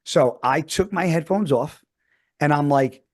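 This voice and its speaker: A man's voice: fairly high pitch, a little slow. A man in his forties telling a story in casual podcast chat, swearing constantly as he talks. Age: 40s. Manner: heavily profane, animated storytelling. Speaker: podcast co-host.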